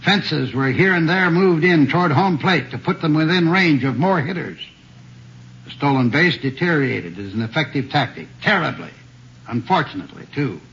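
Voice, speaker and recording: A man comments in a matter-of-fact tone, with the occasional uh. His voice sits fairly high. The recording is dull and lo-fi, like an old radio show. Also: expressive, moderate pace, a bit bright. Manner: matter-of-fact, some uh fillers. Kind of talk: spoken commentary.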